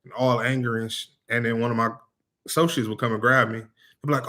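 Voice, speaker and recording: A man co-hosting a family vlog, chatting casually and telling stories in a laid-back way with relaxed slang. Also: mid-range voice, brisk. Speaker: co-host of a family vlog channel. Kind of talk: casual chat.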